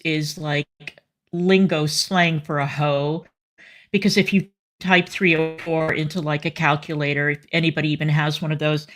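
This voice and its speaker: Blunt woman with a lowish voice. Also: a bit bright. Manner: blunt, scolding, swears. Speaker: co-host. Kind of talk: casual live-stream commentary.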